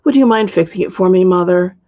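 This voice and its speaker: A woman's voice: lowish voice, brisk, a little mellow, lo-fi sound, natural voice. A woman reading as an earnest young dragon princess. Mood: pleading. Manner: earnest, puzzled complaint.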